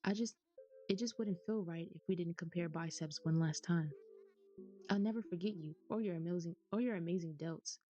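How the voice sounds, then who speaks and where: A woman's voice: on the low side, a little fast, mellow, lo-fi sound, faint music behind, natural voice. An American woman reading aloud the lines of a hearty, boastful male jock villager in a video game. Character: upbeat muscle-loving male jock villager.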